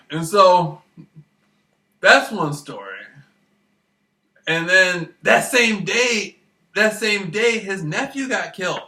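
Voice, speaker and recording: Sing-song and slow, with frequent pauses, a high-voiced, bright-sounding vlogger rambles through casual, profane stories and laughs often. He sits well back from a distant mic in an echoey room.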